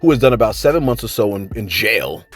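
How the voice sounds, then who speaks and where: A man doing casual vlog commentary from home, talking in a slangy, animated way, with lots of fillers and laughs. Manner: quick pitch jumps when voicing viewers and quotes. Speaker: celebrity news commentator.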